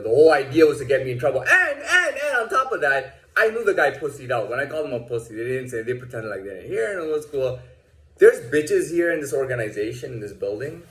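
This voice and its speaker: A man ranting casually about a personal run-in, swearing freely, restarting sentences and acting out what others said. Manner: profane, rambling, many restarts, acts out quotes in a higher voice. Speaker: vlogger telling a personal story. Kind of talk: casual rant. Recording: echoey room.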